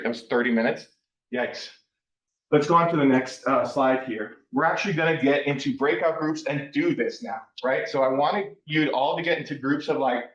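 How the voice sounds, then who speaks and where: A man giving a live workshop lecture, talking conversationally and tagging his points with a questioning "right?". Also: mid-range voice. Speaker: workshop presenter. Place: classroom. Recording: distant roomy lo-fi classroom recording.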